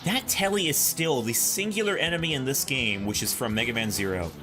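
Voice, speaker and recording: A let's play host talks to himself over game music while he plays, casual and jokey, forever fishing for puns. His voice sits in the mid range, and he speaks expressively and at a fairly quick clip.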